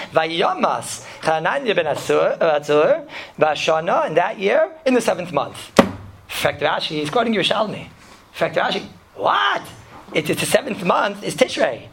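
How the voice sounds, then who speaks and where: A man, a rabbi, giving a casual Torah lesson to students. He tells animated stories, often laughs, and mixes in Hebrew and Yiddish terms. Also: sits high, fairly quick, creaky, noisy background.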